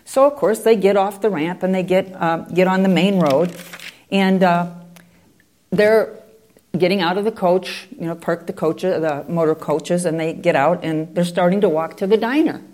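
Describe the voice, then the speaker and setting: A woman's voice: lowish voice, moderate pace, darkish tone. A woman telling a story in a conversational way, with digressive asides. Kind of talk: oral storytelling.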